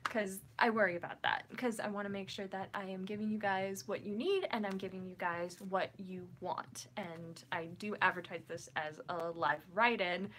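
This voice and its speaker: Bright, chatty woman livestream host. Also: medium pitch, a little hiss or hum. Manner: chatty, rambling, reassuring. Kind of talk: casual livestream chat.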